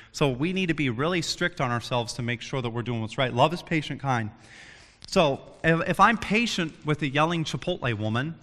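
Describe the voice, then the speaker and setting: Young male youth preacher, casual sermon, bright tone, reverberant hall. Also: fairly high pitch. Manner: animated storytelling, acts out quotes.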